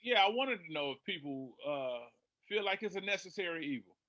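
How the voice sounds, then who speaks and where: A thoughtful man on a casual panel, working through a question with halting uhs. His voice is bright and forward and sits a little high. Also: lively intonation.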